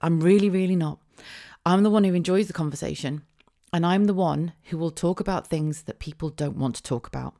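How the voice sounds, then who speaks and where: A middle-aged woman hosting her own podcast, talking casually on her own, with quick asides, rhetorical questions and frequent laughs. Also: fairly low pitch, mellow. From England (Wiltshire). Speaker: podcast host. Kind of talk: casual solo podcast monologue.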